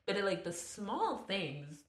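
A woman's voice: medium pitch, sing-song, takes it slowly, echoey room. A woman in her twenties, a guest in a casual conversation, who chats with many fillers and laughs often. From United States. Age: 20s.

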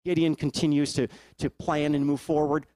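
A man preaches a storytelling sermon and often asks his listeners to think along. His voice sits fairly high for a man. The sound is dry and close, with no room echo. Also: level tone, normal speed, dark tone.

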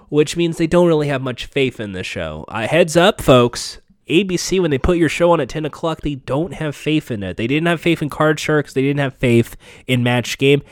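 A man's voice: mid-range voice, no echo. A man hosting a podcast in casual chat, candid and sarcastic, swearing freely. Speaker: podcast host.

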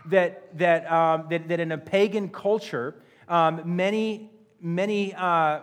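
A man preaching a sermon as pastor, earnest, often restarting and repeating phrases. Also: on the high side. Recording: long church-hall reverb.

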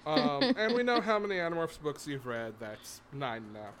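A man co-hosting a casual podcast trades playful, jokey quips with his co-hosts. His voice sits fairly high for a man. A faint hum sits behind him. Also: wildly swooping pitch, normal speed, a bit bright. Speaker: podcast co-host.

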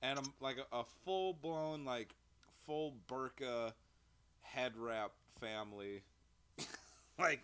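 A man's voice: medium pitch, slow pace, long pauses, a bit bright, clean tone. Rambling young man telling stories. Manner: rambling, laughing storyteller. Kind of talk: casual chat.

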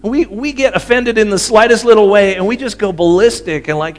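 Conversational preacher man, slightly high voice. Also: fairly quick, soft background music. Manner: conversational, asks the audience for agreement. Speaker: pastor. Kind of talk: sermon.

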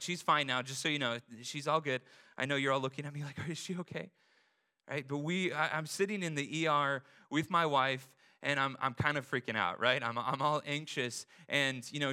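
A young man preaching a casual sermon, chatty and animated, often tossing in "right?" as he tells a story. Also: medium pitch, clear, resonant tone. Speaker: pastor.

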